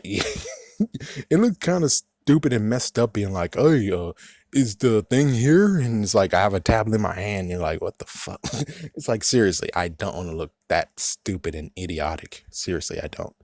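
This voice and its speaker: A young man ranting casually in a vlog, exasperated, swinging from loud outbursts to muttered asides. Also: sits low, no echo, studio quality. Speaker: video creator.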